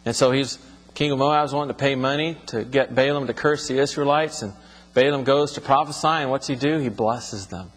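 A man's voice: mid-range voice, brisk. Man teaching scripture in an echoing room. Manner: reads scripture aloud, then explains it in plain talk. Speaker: Bible teacher. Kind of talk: expository Bible teaching.

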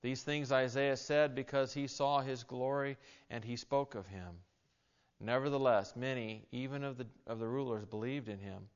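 A male pastor preaching a sermon, moving between quiet scripture reading and loud, emphatic exhortation. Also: mid-range voice, clear, resonant tone. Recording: echoey, slightly dull hall recording.

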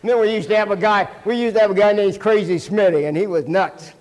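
A middle-aged man preaches in a folksy, storytelling way, his voice sitting high for a man. He acts out the people in his stories with sudden loud shouts. The sound rings with the long reverb of a church hall. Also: steady tone, quick pace. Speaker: pastor. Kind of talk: sermon with stories. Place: church sanctuary.

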